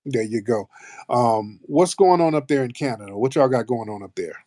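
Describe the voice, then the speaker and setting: American man, casual host, profane teasing banter, mid-pitched, dry close sound. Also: normal speed, a little mellow, no room sound. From United States. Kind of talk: casual live-stream chat.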